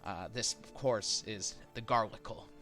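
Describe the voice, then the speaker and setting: A man's voice: lowish voice, a little slow, sharp tone, faint music behind. A man narrating a tabletop game as game master, describing scenes in a rambling, filler-heavy way.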